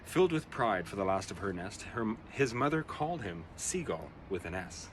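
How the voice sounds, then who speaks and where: A man reading his own rhyming children's poem aloud, with an expressive, rhythmic delivery. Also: on the low side, normal speed, slight background noise. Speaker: storyteller.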